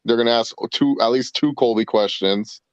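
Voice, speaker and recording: A man's voice: mid-range voice, normal speed, dry recording. Brash, profane man on a dull mic. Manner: brash, profane, mocking impressions. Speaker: podcast co-host. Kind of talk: casual watch-along chat.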